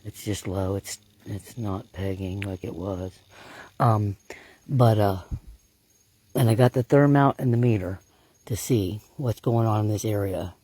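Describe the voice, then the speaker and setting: A man researching bigfoot, talking casually and excitably to the camera outdoors in the woods at night. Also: on the low side, measured pace, no echo. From Florida. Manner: talkative, hushed and excitable. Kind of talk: casual field narration to camera.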